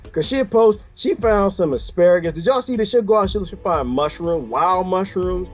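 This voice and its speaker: A man chatting straight to his audience in a loose, comic monologue, his voice sitting a bit high for a man. He jokes, laughs at himself and wanders off into asides. Faint music plays under the recording. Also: normal speed, few pauses. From United States. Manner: joking, animated, laughs often, rambling asides; addresses viewers as "people" and "y'all". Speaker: vlogger.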